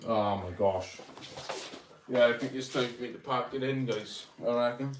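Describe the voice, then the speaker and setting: A young man from Wales with a South Welsh accent, chatting casually on a livestream and reading viewer comments aloud in a relaxed, rambling way. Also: medium pitch, moderate pace, heavy background noise. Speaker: livestream host.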